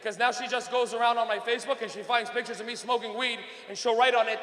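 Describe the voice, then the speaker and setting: A man's voice: very high voice, fairly even intonation, fast talker, pushed and bright. A young man doing a brash, profane stand-up comedy set on a club stage. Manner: brash, profane, laughing storyteller. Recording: echoey club with long reverb.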